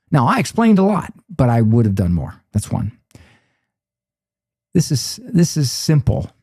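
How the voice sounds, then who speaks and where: A man's voice: mid-range voice, unhurried, long pauses, husky, no room sound, clean studio sound. An older man, a psychologist guest in an interview, telling stories animatedly and acting out the voices of the people he quotes. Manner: animated storyteller who acts out quoted voices. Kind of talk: conversational interview.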